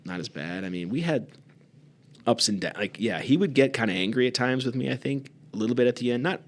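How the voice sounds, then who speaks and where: A man co-hosting a podcast, telling stories in casual conversation and acting out quoted voices by raising his pitch. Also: brisk. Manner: relaxed, acts out quoted voices with raised pitch. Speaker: podcast co-host.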